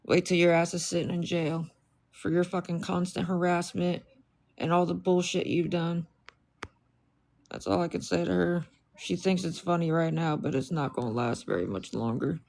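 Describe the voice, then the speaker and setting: A livestreamer with a creaky, gravelly voice of middling pitch, talking casually to a chat. The delivery is apologetic and pleading, with the same appeal repeated again and again, and it sours into bitter anger at a rival. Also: steady tone, normal speed, darkish tone. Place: indoors with dogs.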